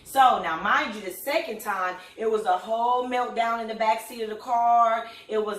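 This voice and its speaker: A middle-aged woman hosting a casual talk, telling a family story in an animated, chatty way with lots of fillers. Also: fairly high pitch, normal speed, few pauses, recorded from a distance, slight background noise. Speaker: host. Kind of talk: casual chat. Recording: echoey room, voice a bit off-mic.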